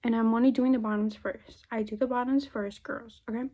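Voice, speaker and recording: A woman's voice: on the high side, steady tone, moderate pace, hardly any pauses, slightly rough. A young woman vlogger doing her makeup and chatting casually, swearing often and dropping into Spanish phrases. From United States. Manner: chatty, loose, swears a lot, slips into Spanish. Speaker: beauty vlogger. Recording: dull lo-fi phone audio.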